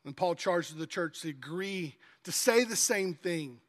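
A man with a notably high voice delivers a sermon, shifting between scripture reading and relaxed, conversational asides to the congregation. His voice rings out with a long hall reverb, as in a big church sanctuary. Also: unhurried. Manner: conversational preaching, acts out kids' pleading voices. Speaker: pastor.

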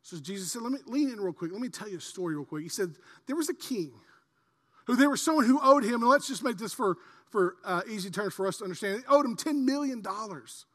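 Impassioned pastor preaching in a reverberant church. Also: male voice, high voice, lively intonation, fast talker. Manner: swings from quiet earnest asides to loud impassioned preaching. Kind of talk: sermon. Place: large church hall.

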